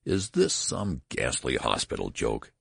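A man voicing a panicked gentleman, a new father, talking frantically and pleading. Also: rumbling low, expressive, moderate pace, vocal fry, no echo, clean studio sound, exaggerated voice. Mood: frantic.

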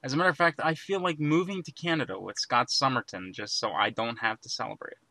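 A man's voice: medium pitch, steady tone, fast, vocal fry, sharp tone, no room sound. A man co-hosting a crude comedy chat, bantering in a goofy way. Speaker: podcast co-host.

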